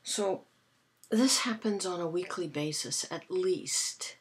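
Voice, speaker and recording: A woman, casually telling stories to her camera in a dry, amused way, with soft breathy asides. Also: fairly low pitch, slow pace. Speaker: vlogger. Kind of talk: casual chatty storytelling to camera.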